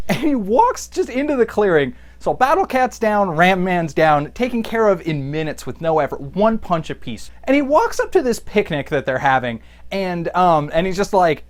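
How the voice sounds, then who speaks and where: A man's voice: high-pitched, very animated, fairly quick. A young man comically recapping a comic book, sarcastic and rambling, slipping into goofy voices for the characters. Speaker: podcast host recapping a comic. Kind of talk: comedic recap with acted-out voices.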